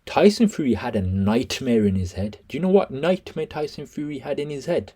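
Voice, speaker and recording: A man giving reaction commentary, excitable and breaking into impressions of the fighters' lines. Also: medium pitch, brisk, slightly rough.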